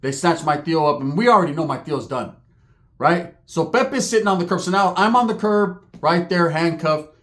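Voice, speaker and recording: A man tells a rowdy comic story in a fast, slangy way. His speaking voice sits high. Now and then he breaks into squeaky put-on voices for the people in the story. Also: animated, a bit bright. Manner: rapid slangy delivery, jumps into high squeaky character voices. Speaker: comedic storyteller. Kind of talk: profane comedic storytelling with put-on character voices.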